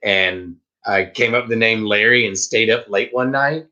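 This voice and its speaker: A man's voice: fairly low pitch, moderate pace, pushed and bright. A man co-hosting a casual live stream, playful and chatty, who jumps into silly voices. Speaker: co-host of a reselling live show. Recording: dull lo-fi stream audio.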